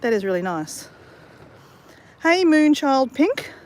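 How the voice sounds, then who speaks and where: A woman's voice: high-pitched, very animated, slow. An Australian woman chatting casually to viewers while walking on a beach, rambling and answering viewer comments. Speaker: vlogger. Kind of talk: casual walking live stream chat. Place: beach, outdoors.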